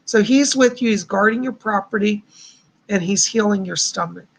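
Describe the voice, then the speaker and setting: A man's voice: high voice, moderate pace, creaky. A man hosting a live stream of psychic readings, talking in a chatty, reassuring way with a somewhat strained voice. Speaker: psychic host.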